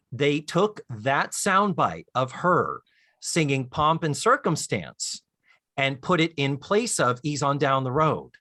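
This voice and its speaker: A man co-hosting a casual podcast, telling stories with lots of animation. His voice is bright and sits a bit high for a man, and it sounds dry and close. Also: takes it slowly, no room sound. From Florida, US. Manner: animated storyteller, acts out lines and hums tunes. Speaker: podcast co-host. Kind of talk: casual chat.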